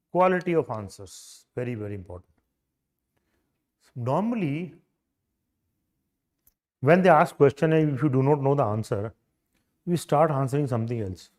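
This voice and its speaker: A man's voice: medium pitch, a little mellow. A man in his sixties with an Indian accent, giving an emphatic, demonstrative coaching lecture on interview skills.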